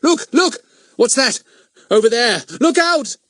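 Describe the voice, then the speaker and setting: A man's voice: medium pitch, very animated, moderate pace, no echo, studio quality, voice pushed up. A man reading an audiobook voices a cheeky, clever schoolboy detective with a mock-innocent manner. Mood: alarmed.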